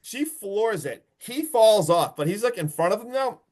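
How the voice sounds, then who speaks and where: A man casually recapping a horror movie on a podcast, excitable and profane, often laughing. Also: sits high, measured pace. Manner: excitable, profane, recounts plot with swearing and laughs. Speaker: podcast host. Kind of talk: casual movie review chat.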